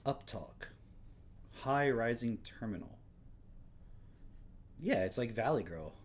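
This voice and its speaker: A man's voice: medium pitch, animated, takes it slowly, husky. A man hosting a livestream, casually commenting on clips and reading search results aloud. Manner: reads search results aloud, mimics speech patterns. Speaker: livestream host.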